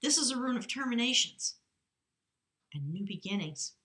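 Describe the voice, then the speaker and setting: Middle-aged lady doing a casual tarot reading, clear bright voice, upbeat and chatty. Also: fairly high pitch, expressive, moderate pace. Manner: enthusiastic, chatty, reads aloud from a rune book. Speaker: tarot reader.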